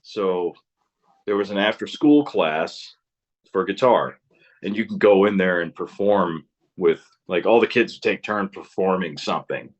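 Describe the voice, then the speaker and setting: A man's voice: sits low, measured pace, dull audio. A man in his thirties, a musician guest in a casual interview, rambling through stories, swearing freely and laughing often.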